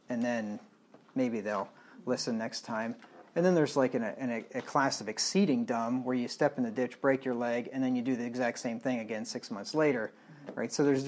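A man's voice: medium pitch, darkish tone. A man preaching through a Bible book verse by verse, blunt and plain-spoken, reading the old wording and explaining it in everyday talk. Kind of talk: verse-by-verse sermon.

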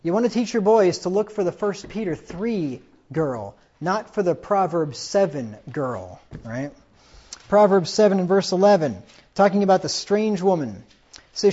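A man's voice: high-pitched, expressive, measured pace, darkish tone, lo-fi sound. A man preaching a sermon in a conversational way, often asking "right?" and acting out the dialogue of stories he tells. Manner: conversational, with tag questions and quoted dialogue.

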